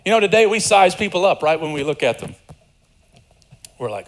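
A man preaching a sermon, animated and conversational, acting out the lines of people in the story with asides to the congregation. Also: high voice, brisk, pauses often. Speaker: pastor.

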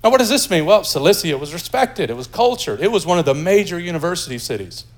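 Male pastor, from the United States, sermon, conversational and joking, slightly high voice. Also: fast talker. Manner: lively, joking, conversational preaching.

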